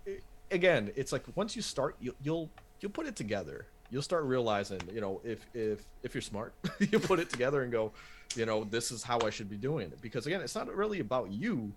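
A man's voice: mid-range voice, big pitch swings, brisk, slight background noise. A man who hosts a wrestling podcast, talking casually and animatedly, swearing and restarting his sentences.

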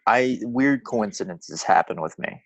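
A man co-hosting a podcast, chatting casually and telling rambling stories with halting restarts. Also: medium pitch, lively intonation, no echo, dull audio. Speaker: podcast co-host. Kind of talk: casual chat.

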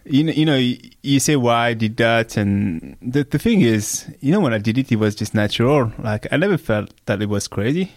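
Halting, reflective man, dry close sound. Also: medium pitch, animated, a little mellow, no room sound. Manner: halting, reflective, repeats words. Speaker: guest. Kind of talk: casual chat.

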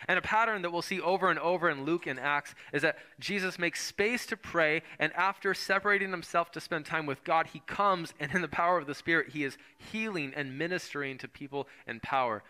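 Male preacher, conversational sermon, bright slightly high voice, acts out story voices. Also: brisk, few pauses. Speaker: pastor.

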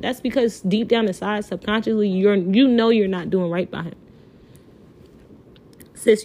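A woman's voice: mid-range voice, warm tone, a little hiss or hum. A woman hosting a podcast alone, talking in an impassioned, pleading way, full of filler words and swearing, close to tears. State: near tears. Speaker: podcast host. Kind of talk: emotional podcast monologue.

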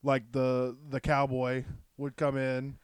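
A man's voice: medium pitch, completely flat delivery, slow pace, clean tone, no room sound. A young man co-hosting a casual podcast, goofy and playful, often breaking into silly voices. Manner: goofy, jumps into loud silly voices and shouts. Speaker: podcast co-host. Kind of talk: casual chat.

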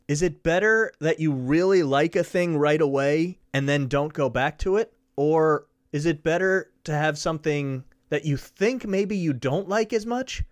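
This is a man hosting his own podcast, chatting on his own in a rambling, jokey way. His voice sits somewhat high and moves around a great deal. The sound is dry and close, with no room around it. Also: no room sound. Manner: rambling, jokey, goes off on tangents. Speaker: podcast host. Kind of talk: solo podcast monologue.

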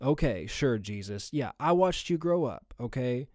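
A man's voice: medium pitch, expressive, a little slow, darkish tone, no echo, studio quality, natural voice. A man voicing a scoffing hometown man who mocks with sarcasm, as a preacher acts out the crowd. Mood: sneering. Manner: mocking, sarcastic.

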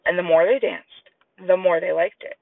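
A man with vocal fry reads a children's story at a moderate pace, animating the characters and squealing high for the children's voices. He's an audiobook narrator sitting far from the mic, and the lo-fi, tinny sound resembles radio, with no echo.

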